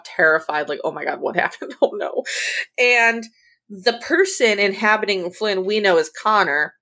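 A woman's voice: medium pitch, sharp tone. A woman co-hosting a casual podcast, animatedly retelling scenes with quoted lines and laughter. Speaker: podcast co-host. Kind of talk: casual recap chat.

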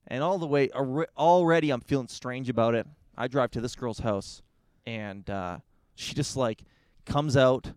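A young male comedian tells a story on a podcast in a punchy, animated way. His voice sits at a middle pitch and the recording is dry and close. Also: unhurried, clear, resonant tone, no room sound. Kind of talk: casual storytelling chat.

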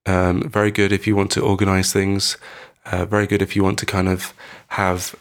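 A man co-hosting a podcast in casual chat, talking slowly and hesitantly while holding back a tickly cough, with dry quips. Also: deep voice, completely flat delivery. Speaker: podcast co-host.

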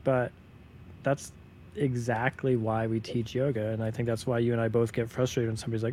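A man's voice: mid-range voice, flat delivery, fairly quick, darkish tone. A man with a mid-range voice co-hosts a podcast, explaining in an earnest, emphatic way. A faint noise sits behind his voice. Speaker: podcast co-host and yoga teacher. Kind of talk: unscripted casual conversation.

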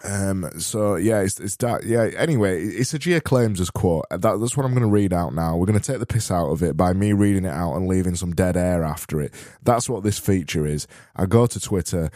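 A man from Barnsley with a broad South Yorkshire accent hosts his own podcast alone. He speaks in a very low, warm, mellow voice, rambling and correcting himself in a deadpan way. The sound is close and dry. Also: moderate pace, hardly any pauses, no echo. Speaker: podcast host.

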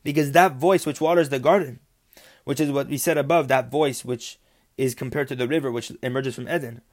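A man's voice: mid-range voice, brisk. Man teaching a Torah text. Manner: explains Hebrew terms then translates them; rhythmic, repeats phrases with rising emphasis. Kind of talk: religious text lesson.

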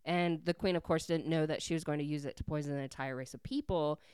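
A woman's voice: sits low, steady tone, quick pace, a little mellow, clean tone, no room sound. A woman hosting a podcast, casually recapping a book in chatty talk that is full of fillers. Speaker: podcast host.

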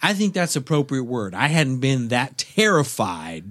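A middle-aged man co-hosting a podcast, telling a story in casual chat, animated and swearing, acting out his own shouts. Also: mid-range voice, a little slow, no echo. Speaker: podcast co-host.

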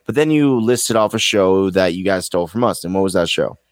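A man's voice: deep voice, animated, fairly quick, no room sound, studio quality. A man from the US co-hosting a casual podcast chat, teasing and playful. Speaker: co-host.

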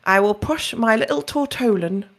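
A woman's voice: a little high, moderate pace. A woman hosting a podcast, chatting loosely and laughing often between questions. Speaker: podcast host. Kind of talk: casual chat.

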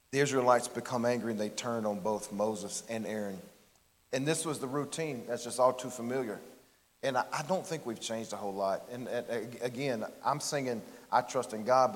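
Man, middle-aged pastor, folksy conversational sermon, mid-pitched voice, long church-hall reverb. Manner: folksy, candid, often restarts phrases. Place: church sanctuary.

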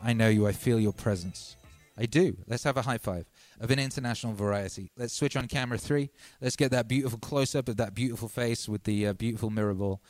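A man hosting a music livestream, reading out viewers' comments with playful deadpan asides. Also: mid-range voice, fast talker, no room sound. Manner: playful, deadpan asides, frequent ums and uhs.

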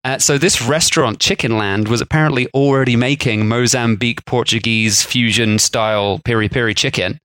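A man's voice: mid-range voice, steady tone, moderate pace, hardly any pauses, fairly bright tone, no room sound. Male podcast co-host, casual and rambling, dry close recording. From England. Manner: chatty, laughs often, rambling asides. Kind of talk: casual chat.

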